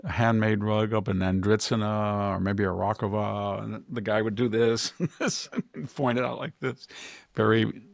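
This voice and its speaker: A man's voice: lowish voice, fairly even intonation, normal speed, gravelly, dry recording. A man hosting a podcast, giving rambling, sardonic political commentary and slipping into mocking impressions. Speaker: podcast host.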